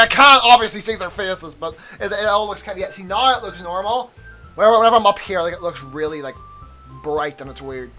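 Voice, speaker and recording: A man's voice: sits high, sharp tone. A young man hosting a let's play, chatting casually, laughing often, swearing and stopping to rant about the game.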